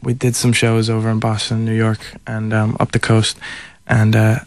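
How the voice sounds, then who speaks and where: A man's voice: fairly low pitch, monotone, normal speed, creaky, no room sound. Laid-back young male musician, dry sound. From Ireland. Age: young adult. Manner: easygoing, laughing, hesitant with fillers. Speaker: singer-songwriter guest. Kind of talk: live radio interview.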